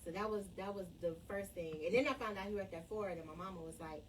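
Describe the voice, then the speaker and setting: A woman's voice: medium pitch, quick pace, hardly any pauses. A middle-aged woman in casual chat, laughing and getting emotional while telling a story about her husband. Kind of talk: casual chat on a live stream. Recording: distant mic with faint background noise.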